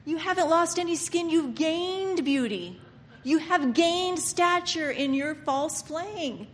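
A woman preaching a sermon, impassioned and emphatic, sometimes dropping to soft murmurs and sometimes mocking people by acting out their inner voices. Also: extremely high pitch, animated, slow. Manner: impassioned, swinging between soft murmurs and loud emphatic lines. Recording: reverberant hall with faint background noise.

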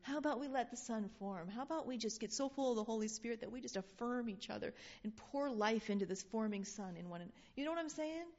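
A woman leading an informal Bible study, reading scripture aloud and talking in an animated, laughing way. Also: on the high side, fast, hardly any pauses. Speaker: Bible teacher. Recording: dull lo-fi sound.

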